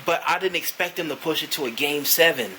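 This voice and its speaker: A man's voice: a little high, fairly quick, bright, forceful tone, slight background noise, low-quality recording. A man ranting casually to camera as a sports fan, profane and rambling, with lots of "you know" fillers.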